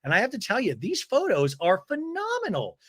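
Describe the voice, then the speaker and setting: A young adult man hosting a podcast, giving a gossipy comedic recap in an animated way. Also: sits high, fairly quick. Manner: animated, gossipy, switches into mocking voices. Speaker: podcast host.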